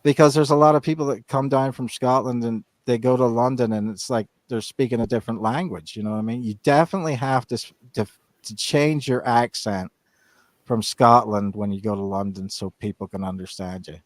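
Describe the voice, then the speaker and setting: A man's voice: medium pitch, fairly even intonation, a little fast, no echo. A man with an educated Northern Irish accent, chatting casually on a podcast and rambling with many restarts. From Northern Ireland. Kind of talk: casual chat.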